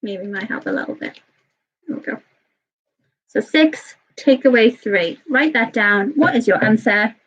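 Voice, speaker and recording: An early years teacher teaches a live online maths lesson to young children, patient but a little nervous, talking a bit fast and often checking in with "okay?". Her fairly high, fairly bright voice has lively intonation and slight roughness, and the lo-fi sound is slightly dull.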